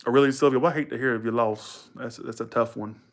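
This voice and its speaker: A man's voice: medium pitch, steady tone, fast talker. A young man from Georgia, chatting casually with viewers and rambling through a story, full of restarts and asides. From Georgia, USA. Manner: rambling, self-correcting, colloquial, quotes others in raised voice. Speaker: live streamer chatting with viewers.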